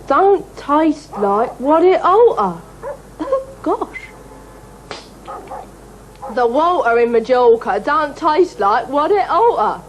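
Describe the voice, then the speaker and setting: A prim, well-bred young lady in an old TV ad, her refined voice set high and swooping widely. Every word is enunciated with care. It comes from a vintage TV soundtrack, with a faint noise behind it. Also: huge pitch swings, extremely slow, full character voice, low-quality recording. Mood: delighted. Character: prim, posh young woman drilling a common phrase. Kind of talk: 1980s TV ad acting.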